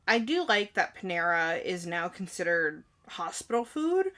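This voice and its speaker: Podcast co-host: woman, frank and chatty, bright edge to the voice. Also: lowish voice, sing-song. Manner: frank, quick asides, swears. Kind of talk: casual chat.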